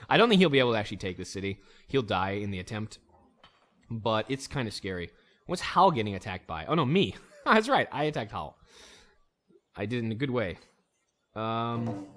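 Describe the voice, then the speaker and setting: A man's voice: fairly low pitch, a bit bright. A man hosting a let's play, giving casual, rambling gameplay commentary and talking to himself and the game. He jokes often and slips into goofy voices and bits of song.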